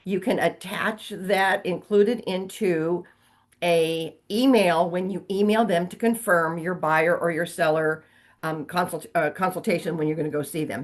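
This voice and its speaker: A woman teaching real estate agents in a training session, walking through steps and repeating key points. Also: lowish voice. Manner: instructive, repeats key points, asks okay.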